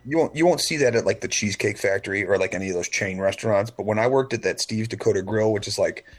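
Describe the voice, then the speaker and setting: A fast-talking man with a lowish voice co-hosts a laid-back podcast, telling rambling, profane stories and imitating the people in them.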